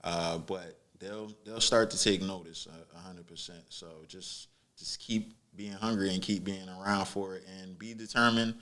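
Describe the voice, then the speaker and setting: A man's voice: low voice, fairly even intonation, moderate pace, hardly any pauses, bright, forceful tone. A man guest on a podcast, telling stories in a laid-back, slangy way with lots of fillers. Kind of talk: casual storytelling chat.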